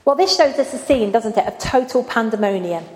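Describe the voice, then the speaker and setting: Woman preacher, higher voice, chatty sermon, long church reverb. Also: lively intonation, fairly quick, a little mellow. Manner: conversational, asks the congregation questions. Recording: echoey church hall with faint ambience.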